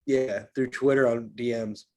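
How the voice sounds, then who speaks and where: A man's voice: medium pitch, steady tone, measured pace, a little mellow. A man guesting on a podcast in casual chat, frank and swearing a lot as he rants.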